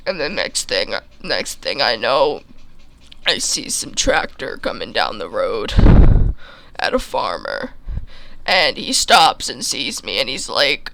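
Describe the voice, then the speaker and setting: A man's voice: medium pitch, wildly swooping pitch, measured pace, vocal fry, sharp tone. A man telling an absurd comic story in a rambling way, with many restarts. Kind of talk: comedic storytelling.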